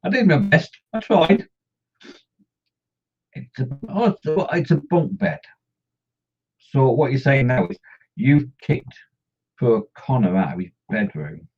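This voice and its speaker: Taking it slowly and pausing often, a middle-aged man hosts a model-painting live stream, teasing viewers and joking as he reads their comments. His mid-range voice is husky and expressive. It's captured as dull lo-fi stream audio.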